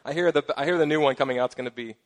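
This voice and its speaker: A middle-aged man preaching a sermon as pastor, casual and playful with joking asides and lively emphasis. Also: fairly high pitch, racing.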